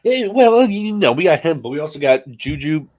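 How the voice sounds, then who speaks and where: A man's voice: fairly high pitch, sing-song, normal speed, darkish tone. A young man co-hosting a casual sports podcast, talking about his football team with sarcastic asides and frequent laughs. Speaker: podcast co-host, Patriots fan.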